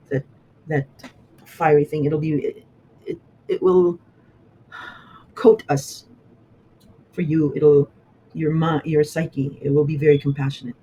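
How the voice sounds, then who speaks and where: A man giving a casual horoscope talk as an astrologer, halting and rambling with many fillers and restarts, emotional and quick to laugh. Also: fairly high pitch, warm tone, slight background noise, low-quality recording.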